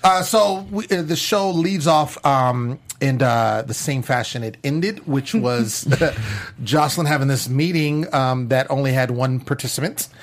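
A man hosting a lively panel chat show, excitable and often laughing. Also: medium pitch, measured pace. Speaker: host. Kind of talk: casual chat.

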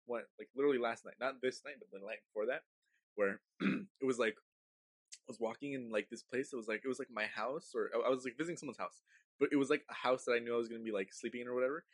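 A man's voice: mid-range voice, quick pace, slightly rough, no room sound. A young man chatting casually with friends, telling a rambling story full of swearing. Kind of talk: casual chat among friends.

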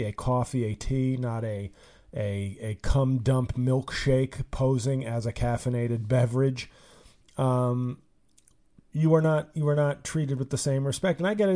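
A middle-aged man hosts his podcast in a casual comedic monologue, ranting and sarcastic as he spins stories. His voice sits in an ordinary middle pitch with a warm, mellow tone. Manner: ranting, sarcastic, animated storytelling. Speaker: podcast host.

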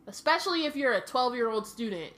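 A woman co-hosting a casual podcast, talking in an animated, emphatic way. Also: a little fast. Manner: animated and emphatic, jumps in pitch when worked up. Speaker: podcast co-host. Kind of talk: casual book-club chat.

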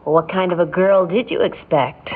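An actress playing a quiet, weary young mother who speaks softly and hesitantly in an old radio drama. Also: lowish voice, fairly even intonation, normal speed, slightly rough. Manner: soft-spoken, hesitant. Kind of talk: 1950s radio drama acting. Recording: tinny old radio broadcast with faint hiss.

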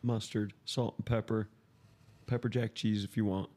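A man in casual podcast chat, relaxed, listing details at an easy pace. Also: on the low side, moderate pace.

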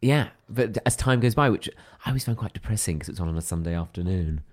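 A man's voice: low voice, animated, fast, darkish tone. A man with a posh-sounding voice, co-hosting a podcast in casual, playful, teasing chat. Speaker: podcast co-host.

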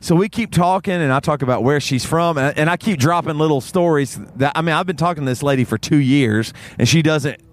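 A man's voice: brisk, few pauses. A man, co-hosting a podcast, telling a story in casual chat and laughing through it. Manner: animated, laughs through the story, voice jumps high when excited. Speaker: podcast co-host.

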